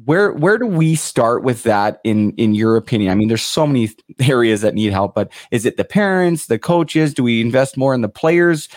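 A young man hosts a casual interview, his voice sitting at an ordinary middle pitch. He talks in long, rambling questions that are full of fillers and restarts. The sound is dry and close, with almost no room echo. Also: lively intonation, normal speed, hardly any pauses, a little mellow. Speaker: podcast host.

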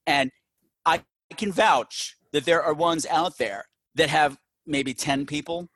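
Joking, animated man reviewing a film. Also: on the high side, slow, no room sound. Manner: animated, profane, jokey. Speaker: podcast host. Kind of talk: casual movie review chat.

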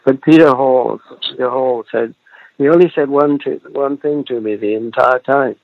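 Gravelly elderly man, muffled and dry. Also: mid-range voice, normal speed, dry recording. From Britain. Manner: reflective storyteller, chuckles often, trails off mid-thought. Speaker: actor guest. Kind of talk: relaxed interview over a remote call.

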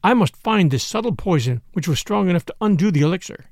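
A man narrating a dark tale in the first person, grave and impassioned. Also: high voice, lively intonation, fast talker, no echo, studio quality. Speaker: audiobook narrator.

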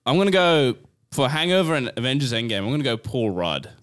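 A man's voice: medium pitch, fast talker. A man on a casual podcast with friends, teasing and joking through a movie quiz. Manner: jokey, teasing, lively. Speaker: podcast co-host, game player. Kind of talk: casual banter.

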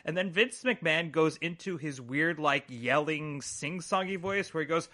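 A man with a bright, somewhat high voice, co-hosting a relaxed podcast. He moves the rundown along in a dry way and quotes others in mock voices. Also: moderate pace, few pauses. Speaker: podcast co-host. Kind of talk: casual chat.

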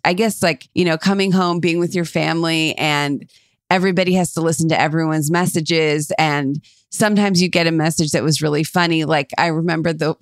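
A woman's voice: on the low side, no room sound, studio quality. Chatty woman with a Cleveland accent. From Cleveland, Ohio. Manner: chatty and upbeat, heavy use of "like". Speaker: podcast co-host. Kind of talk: casual podcast chat.

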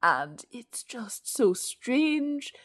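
A woman's voice: fairly high pitch, big pitch swings, drawn-out words, no echo. A woman co-hosting a casual film review chat, giving fluent, sardonic critique in long sentences. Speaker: podcast co-host.

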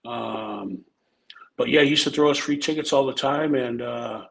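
Gravelly laid-back man telling old stories. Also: mid-range voice, normal speed, low-quality recording. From Omaha, Nebraska. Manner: laid-back, rambling, swears, says "man" often. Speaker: podcast guest telling his life story. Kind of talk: casual storytelling.

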